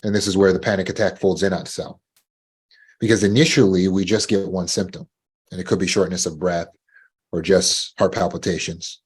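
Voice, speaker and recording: A man's voice: low-pitched, fairly even intonation, a little fast, breathy edge. A man coaching listeners about panic, in a teaching talk, who acts out anxious inner voices in a rising tone and repeats words as he restarts. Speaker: trauma recovery coach.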